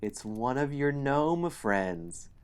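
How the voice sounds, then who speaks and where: A man narrates a dungeon adventure for a game stream at an unhurried pace. His voice sits in a middle pitch, and he moves between storytelling and a casual walk through the game sheets. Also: very animated, smooth.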